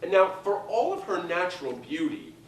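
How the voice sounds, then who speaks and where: Guy doing a one-man show, super animated, gossipy, echoey theater, mic kinda far. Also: high-pitched, moderate pace, slight background noise. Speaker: solo stage performer. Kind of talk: live stage storytelling. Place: theater stage, live audience.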